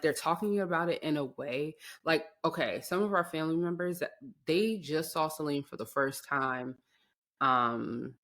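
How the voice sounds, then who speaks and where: A woman in her thirties co-hosting a podcast, telling stories in a chatty, slangy way. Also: sits low. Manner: chatty, drops slang, animated storytelling. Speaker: podcast co-host. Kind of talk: casual chat.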